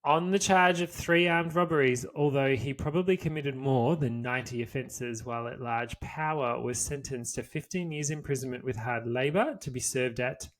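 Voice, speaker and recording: A man's voice: medium pitch, moderate pace, few pauses. A man co-hosts a chatty podcast, reading a history story aloud in a mid-range voice. Between passages he drops into loose, offhand banter and swears freely. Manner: casual, swears freely, reads from notes. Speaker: podcast co-host.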